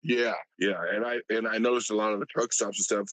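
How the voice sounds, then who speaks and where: A man from Alabama calling into a live stream, talking casually and haltingly with many fillers and restarts. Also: lowish voice, level tone, a bit bright, dry recording, poor audio. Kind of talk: casual chat.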